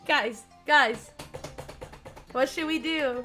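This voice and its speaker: A high-voiced young woman reads a dating game aloud to her stream, giggly and quick to get excited. Her voice sounds strained and starts to crack from so much reading. Soft music plays faintly underneath. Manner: giggly, excitable, chats with viewers.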